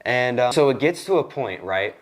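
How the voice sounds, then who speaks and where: A man's voice: normal speed, a crowd in the background. A young man hosting a podcast in a studio, telling a casual work story and acting out the people in it with sudden jumps in his voice. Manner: animated, acts out quoted lines with jumps in pitch. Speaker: podcast host.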